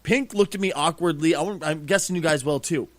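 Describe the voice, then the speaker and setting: A man co-hosting a casual podcast, swearing freely and ranting with lively energy. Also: a little high, a little fast, dry recording. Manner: profane, animated ranting. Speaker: podcast co-host.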